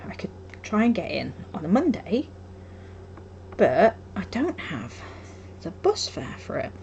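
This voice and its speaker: Young woman, craft streamer, lively sing-song rambling chat, self-deprecating. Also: on the low side, muffled recording, a little hiss or hum. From Wolverhampton, England. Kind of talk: casual chat while crafting.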